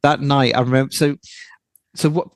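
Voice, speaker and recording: A man, a podcast guest, telling a story in a casual, animated way and often repeating words as he talks. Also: medium pitch, normal speed, no room sound.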